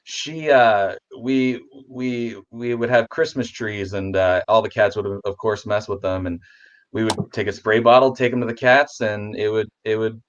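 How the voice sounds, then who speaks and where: A man who is a guest on a casual video chat, rambling with restarts, talking warmly about his pets. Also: lowish voice, steady tone, normal speed, muffled recording.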